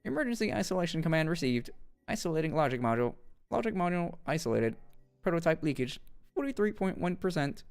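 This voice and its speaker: A man puts on a cold machine voice for a medical AI in a game, pitched a little high and clipped into flat, precise announcements. Each status report comes out measured and without feeling, with faint music underneath. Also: creaky, clear, resonant tone. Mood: clinical. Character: cold robotic medical system AI, genderless. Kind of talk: game voice acting.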